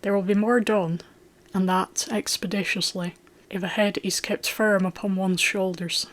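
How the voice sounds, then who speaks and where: A reader voicing a calm, cool-headed young squire. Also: mid-range voice, natural voice. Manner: tranquil, measured, even. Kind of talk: audiobook character voice.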